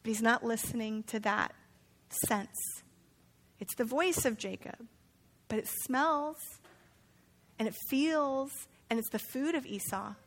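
High-voiced woman teaching a chatty Bible study. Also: takes it slowly, long pauses, fairly bright tone. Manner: chatty and playful, asks listeners questions.

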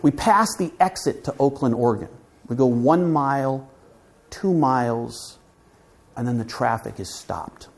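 A man telling a personal story from the pulpit as guest speaker, lively and vivid, with frequent restarts. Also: medium pitch, unhurried, creaky. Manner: animated, vivid retelling with restarts. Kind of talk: storytelling sermon. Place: church.

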